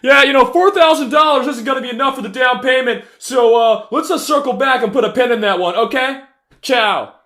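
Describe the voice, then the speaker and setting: A man mockingly voicing a smug rich city transplant yelling into earbuds on a business call. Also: very high voice, a little fast, pitched above the performer's own voice. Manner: loud, breezy corporate jargon.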